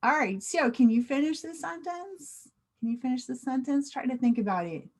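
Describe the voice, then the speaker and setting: An American woman teaching English slang in an online class. She speaks clearly and asks the viewer questions. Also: high-pitched, animated, normal speed.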